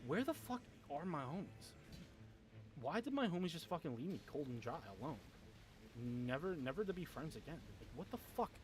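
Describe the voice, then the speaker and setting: A man's voice: a little high, sing-song, a little fast. A young man chatting casually with viewers on a gaming livestream, rambling, swearing a lot and laughing often.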